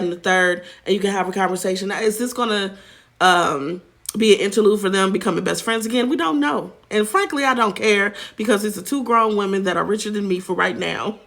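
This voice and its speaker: Sassy woman gossip host with a gravelly edge, talks straight to her viewers. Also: mid-range voice, fairly bright tone. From United States. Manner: sassy, chatty, addresses viewers as child and honey. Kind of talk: casual celebrity gossip commentary.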